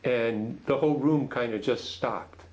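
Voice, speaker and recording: A middle-aged man talks slowly and gently, often pausing and restarting his sentences. He leads a men's group and tells its stories in a soft, unhurried way. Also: mid-range voice, low-quality recording. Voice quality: gentle, halting, with many restarts. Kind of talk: storytelling talk.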